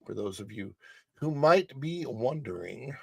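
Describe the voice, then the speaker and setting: A man's voice: medium pitch, expressive, unhurried, gravelly, a little mellow, slightly rough, dry recording. A man hosting a casual livestream show from a home studio, chatting loosely and answering viewers in the chat. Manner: chatty, rambling, reads the chat aloud.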